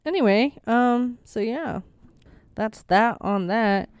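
A woman's voice: a little high, expressive, slow pace, clear, resonant tone, no echo, clean studio sound. A young woman co-hosting a podcast in casual chat, rambling and playful with lots of fillers. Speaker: podcast co-host. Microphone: desk microphone.

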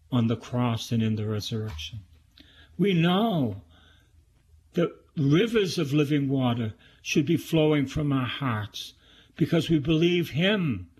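A man, a priest, reading scripture aloud and commenting on it in a slow, prayerful way. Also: on the high side, breathy edge.

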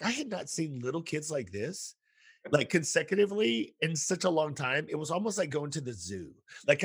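A man's voice: on the high side, husky. A man hosting a podcast, chatting casually with a guest and telling stories full of acted-out quotes. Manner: animated storytelling with quoted voices. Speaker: podcast host, school counselor.

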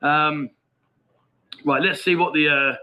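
A man's voice: on the high side, fairly even intonation, slow pace, sharp tone, rough recording. A middle-aged man hosting a casual livestream, chatting and reading out viewer comments in a matey, laughing way. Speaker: livestream host. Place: Pattaya, outdoors.

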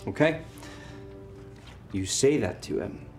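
A man running a tabletop game as game master, narrating with lively storytelling. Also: medium pitch, slow pace, soft background music.

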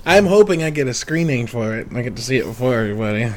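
A man hosting a casual podcast chat, excitable and quick to laugh, with some swearing. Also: medium pitch, a little hiss or hum. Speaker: podcast host.

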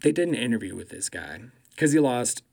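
Man, comedian, profane political rant, loud mocking delivery, laughs at own jokes. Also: mid-range voice, very animated, fairly quick, creaky.

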